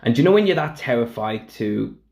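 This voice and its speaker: A man's voice: medium pitch, lively intonation, a little fast, vocal fry, darkish tone. A man co-hosting a podcast, telling a backstage story in casual chat, acting out the quotes and laughing often. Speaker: podcast co-host.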